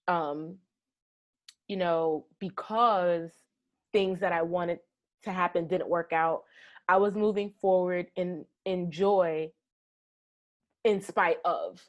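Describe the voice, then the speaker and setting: A woman's voice: on the low side, fairly even intonation, slow pace, long pauses. A woman in her thirties, a guest in an interview, earnestly telling a personal story with many "like" fillers. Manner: earnest, heartfelt, frequent "like" fillers.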